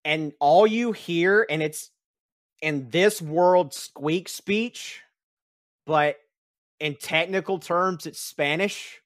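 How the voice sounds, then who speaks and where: A male game master narrates a tabletop game over a voice call, hesitant and self-deprecating. His pace is slow and deliberate. The sound is dry and close. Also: fairly high pitch, dry recording.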